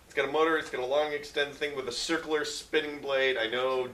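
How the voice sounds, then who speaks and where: A man co-hosting a film review chat, rambling and thinking out loud as he talks. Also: medium pitch, steady tone, fairly quick. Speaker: film review podcast co-host. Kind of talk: casual chat. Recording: echoey room, distant mic.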